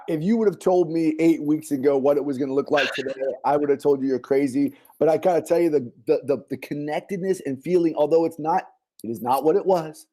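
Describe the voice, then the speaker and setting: A man with a slightly high, dark-toned voice works as a school administrator and hosts a casual online parent forum over a video call. He riffs animatedly, with many fillers and restarts, in the style of relaxed online community talk.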